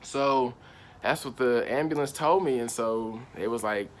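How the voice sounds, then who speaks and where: A man's voice: mid-range voice, a little slow. A young man tells a personal story in loose, slangy talk. His voice sits in a middle register. He rambles, restarts and keeps saying "I was like," with a faint hiss of noise under the recording. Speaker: channel host.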